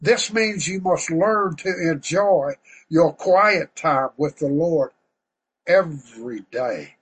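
Husky preacher man. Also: a little high, animated, slow pace, rough recording. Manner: impassioned, folksy, shouting praise. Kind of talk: fervent sermon to an online group.

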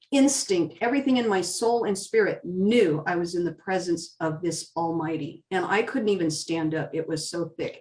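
Woman giving earnest, fervent testimony. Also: distant mic. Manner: earnest, rising fervently then dropping low. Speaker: interview guest. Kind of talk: emotional testimony.

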